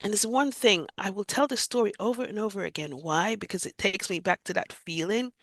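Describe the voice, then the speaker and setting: A woman's voice: medium pitch, a little fast, a bit bright, no room sound. A woman from Jamaica, giving a vivid, emotional retelling of her own story as an interview guest. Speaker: guest sharing a near-death experience.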